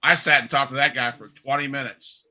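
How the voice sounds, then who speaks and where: Bright-voiced chatty man in his fifties. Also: mid-range voice, a little fast, rough recording. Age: 50s. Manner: chatty, animated storyteller. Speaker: podcast host. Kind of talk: casual interview storytelling.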